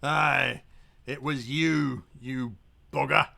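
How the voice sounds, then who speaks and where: A man voicing a quick-tempered pirate ship captain who shouts and curses at his drunken crew. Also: mid-range voice, steady tone, vocal fry, full character voice. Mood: furious. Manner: blustery, shouting and cursing at the crew.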